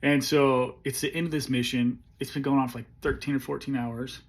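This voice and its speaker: A man in his forties, an army veteran, telling a story in a casual, laid-back way, swearing freely and often clearing his throat. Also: mid-range voice, little pitch movement, a little fast.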